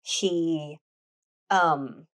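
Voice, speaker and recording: A woman's voice: deep voice, drawn-out words, a bit bright. A woman hosting a book podcast, retelling a novel's plot in a chatty storytelling way with many restarts. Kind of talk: casual book recap.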